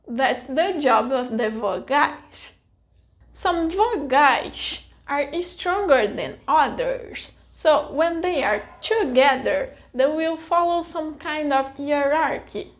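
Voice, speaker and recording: High-voiced Brazilian woman teaching slowly. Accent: Brazilian Portuguese. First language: Brazilian Portuguese. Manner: careful, deliberate explanation with drawn-out example words. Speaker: language teacher. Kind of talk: pronunciation lesson.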